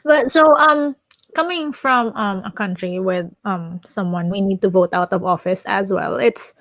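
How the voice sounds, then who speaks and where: A woman from the Philippines co-hosting a podcast, talking politics in an opinionated, animated way. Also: medium pitch, a little slow, dry recording. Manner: opinionated, animated, restarts mid-thought. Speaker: podcast co-host. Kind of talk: casual chat.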